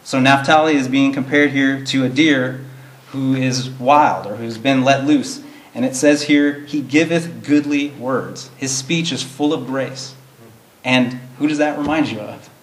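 A man's voice: mid-range voice, steady tone, unhurried. Earnest male Bible teacher, roomy echo. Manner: earnest, explains plainly, reads verses in King James wording. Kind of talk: verse-by-verse Bible study teaching.

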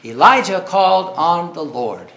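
A man's voice: high-pitched, animated, a little slow, vocal fry, a bit bright, reverberant. A man preaching a sermon earnestly, reading scripture and rising to cries when he quotes.

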